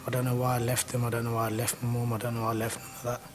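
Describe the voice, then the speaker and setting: A man giving an earnest, plain-spoken documentary interview, halting at times. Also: mid-range voice, completely flat delivery. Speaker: interviewee recounting arrest abroad. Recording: documentary interview with loud music bed.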